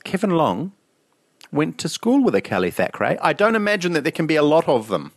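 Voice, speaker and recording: Lively gravelly man chatting casually. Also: a little high, fairly quick, no room sound. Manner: laughing, rambling storyteller. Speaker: podcast co-host. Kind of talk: casual chat.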